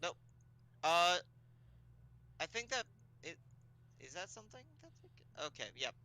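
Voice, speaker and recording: A man acting as game master, patiently explaining rules and filling pauses with ums while he looks things up. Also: on the high side, big pitch swings, sharp tone, poor audio. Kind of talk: running a tabletop game online.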